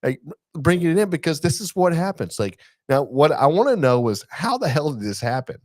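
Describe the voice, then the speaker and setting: A man's voice: fairly high pitch, big pitch swings, a little fast, darkish tone, dry recording, clean studio sound. A man co-hosting a barbecue podcast, joking and laughing in casual chat. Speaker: podcast co-host.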